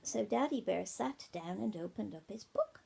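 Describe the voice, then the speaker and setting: An older woman, a grandmother, reading a bedtime story to her grandchildren at home on a tablet. She speaks gently, often drops to a whisper, and stops to ask the children questions. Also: mid-range voice, expressive, normal speed, gravelly, breathy edge. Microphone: iPad mini.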